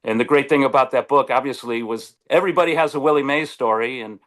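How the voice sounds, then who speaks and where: A man chats over a video call, telling stories in a voice of ordinary middle pitch. He is animated and restarts his sentences often. He acts out the lines of the people in his stories. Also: quick pace. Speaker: sportswriter guest. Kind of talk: casual storytelling on a video call.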